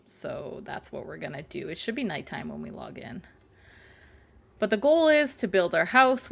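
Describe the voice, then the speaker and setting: A woman hosts a casual gaming livestream, bantering with viewers in a playful, sarcastic way and cracking innuendo jokes while nursing a burnt mouth. Her voice is mid-range with a fairly bright tone.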